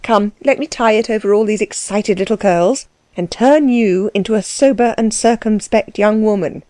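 A woman voicing a gracious older princess who speaks fondly and teases gently. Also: mid-range voice, moderate pace, no echo, lightly acted. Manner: warm, gently teasing.

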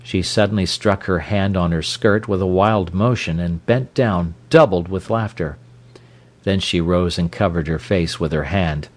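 A man narrating an audiobook in a slow, measured, expressive manner. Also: deep voice.

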